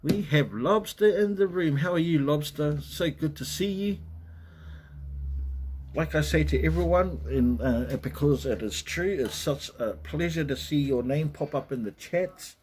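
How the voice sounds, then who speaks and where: A man's voice: fairly high pitch, measured pace, a little mellow, a little hiss or hum. A man hosting a casual livestream, chatting in a rambling way and greeting viewers by name. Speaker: livestream host. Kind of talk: casual live chat. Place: at home in Western Australia.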